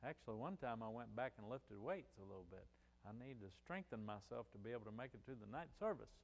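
An older man preaching a sermon, rising loud on key phrases and dropping to softer asides. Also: medium pitch, lively intonation, fast, vocal fry, big-room sound.

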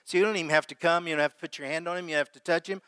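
A man's voice: on the high side, fairly even intonation, rapid-fire, a bit bright, smooth. A man preaching a sermon as pastor, talking conversationally and putting questions to his congregation. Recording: long hall reverb.

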